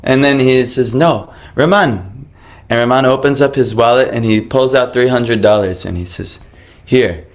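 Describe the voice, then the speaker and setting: A man casually telling the story of how he came to his faith, animated and laughing, acting out the voices of people in it. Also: medium pitch, moderate pace. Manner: animated, laughing, acts out quoted voices, many fillers.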